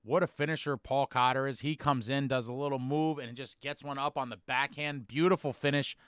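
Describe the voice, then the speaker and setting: Man excitedly recapping a hockey shootout. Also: mid-range voice, brisk, clear, resonant tone, no echo, studio quality. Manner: animated storytelling, bursts into shouted chants when reliving moments. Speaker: hockey fan podcast host.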